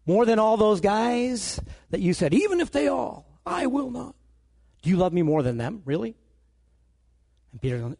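A man preaching a sermon, telling stories with animated delivery and acting out the dialogue. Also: high-pitched, moderate pace, gravelly, long pauses.

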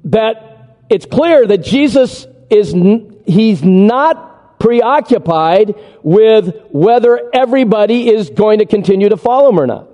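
A man preaching with animated energy, his voice a touch higher than most men's and soft and mellow in tone. He guides his congregation through a printed chart. The sound carries a long reverb, as in a large church hall. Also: a little slow, lo-fi sound. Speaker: pastor. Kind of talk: sermon.

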